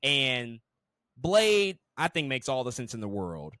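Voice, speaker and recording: A man co-hosting a casual movie review podcast, talking in an animated way, swearing freely and repeating words as he restarts sentences. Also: medium pitch, unhurried, no room sound. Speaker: podcast co-host.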